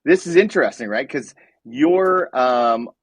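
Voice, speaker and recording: A man hosting a podcast who asks his guest curious, measured questions. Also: mid-range voice, lively intonation. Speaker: podcast host. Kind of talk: interview questions.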